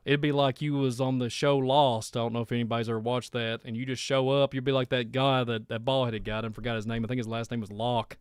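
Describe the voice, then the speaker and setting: A man's voice: mid-range voice, little pitch movement, quick pace, hardly any pauses, clean tone, dry recording, clean studio sound. A man hosting a live stream, rambling and heartfelt as he thanks viewers and signs off. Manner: rambling, heartfelt, repeats himself. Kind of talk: casual live stream sign-off.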